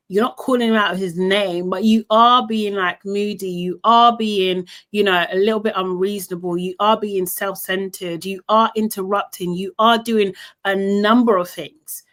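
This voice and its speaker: A chatty woman talks through a recap in a casual, opinionated way, laughing often and calling things out as she goes. Her voice sits at a medium pitch for a woman. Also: fairly even intonation, moderate pace, fairly bright tone. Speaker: recap vlogger.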